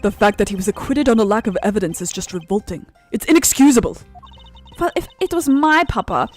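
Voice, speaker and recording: A woman's voice: mid-range voice, animated, fairly quick, soft background music, close to an everyday voice. A woman voicing a haughty, competitive young female prosecutor with a German accent, reading video game dialogue aloud in an imperious, scornful manner. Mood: disgusted.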